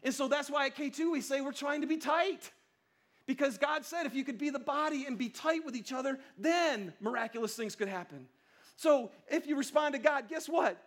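A man preaching a casual, conversational sermon, chatty and lively with playful asides. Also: extremely high pitch, moderate pace. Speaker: pastor.

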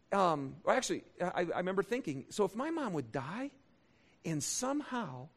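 High-voiced animated preaching man. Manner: animated and conversational, asking the congregation questions; swings from fast excited bursts to slow soft emphasis. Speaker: pastor. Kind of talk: sermon.

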